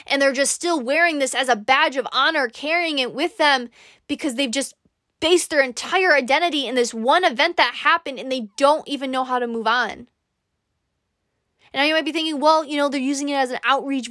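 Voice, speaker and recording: A woman's voice: sits high, pushed and bright, no echo, studio quality. A woman hosting a podcast, giving an earnest, encouraging monologue straight to the listener. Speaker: podcast host. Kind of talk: motivational monologue.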